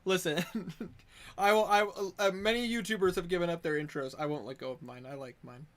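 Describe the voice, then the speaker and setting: A man's voice: high-pitched, brisk. A man running an online tabletop game over a voice call, chatting with his players and then recapping the story, laughing often and restarting phrases. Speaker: game master. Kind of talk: casual chat and recap narration of a tabletop game.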